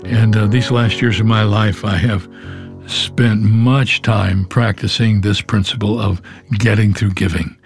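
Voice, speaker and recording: A man closing a radio program, speaking to listeners in a relaxed, conversational way. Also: on the low side, unhurried, gravelly. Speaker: radio preacher. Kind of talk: direct address to radio listeners. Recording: music bed underneath.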